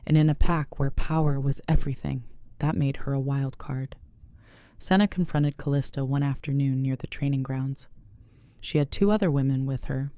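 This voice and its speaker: A narrator reading a werewolf romance story in even, measured scripted narration. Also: mid-range voice, clean tone, no room sound.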